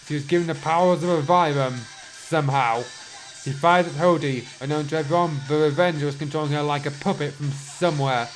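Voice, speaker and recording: A man's voice: on the high side, steady tone, a little fast, soft background music, rough recording. A man reading a story aloud and mocking it with sarcastic asides, now and then losing his place. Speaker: reader and reviewer. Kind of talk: sarcastic dramatic reading with commentary.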